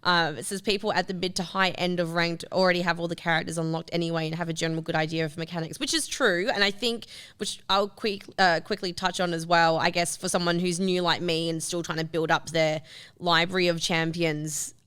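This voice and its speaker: A woman's voice: fairly low pitch, steady tone, brisk, fairly bright tone, clean tone. An Australian woman co-hosting a gaming show, chatting casually with many fillers. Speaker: show co-host. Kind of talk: casual chat.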